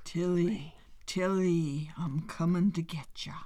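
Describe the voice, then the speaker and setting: A man voicing an unseen creeping night thing in a high, slow, drawn-out whisper as he tells a story. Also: fairly even intonation, dark tone, no echo, studio quality. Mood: creeping menace.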